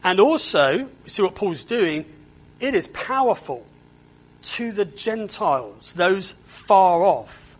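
A man's voice: high-pitched, big pitch swings, slow pace, rough recording. A man preaching a sermon in a church, earnest and often repeating words as he stresses a point.

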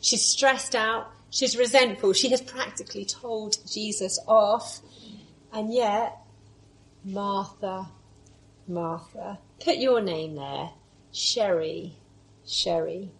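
Expressive woman preaching a sermon. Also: fairly high pitch, slow, low-quality recording. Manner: expressive, moves between lively storytelling and soft, hushed reflection.

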